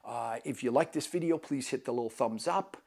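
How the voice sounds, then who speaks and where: Gravelly man hosting a travel vlog. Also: mid-range voice, brisk, a little mellow. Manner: enthusiastic and self-deprecating. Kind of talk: casual travel tips talk.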